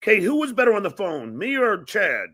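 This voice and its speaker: A man's voice: high voice, huge pitch swings, normal speed, a bit bright, slightly rough. A man hosting a talk show, joking while he mediates an argument between guests. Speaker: show host.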